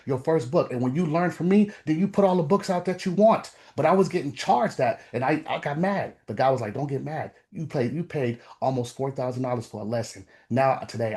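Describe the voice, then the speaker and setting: Speaking with a medium-pitched, slightly mellow voice, a man who coaches veterans delivers a fervent motivational talk. His style is preachy and urgent, repeating phrases for effect and climbing to emphatic peaks.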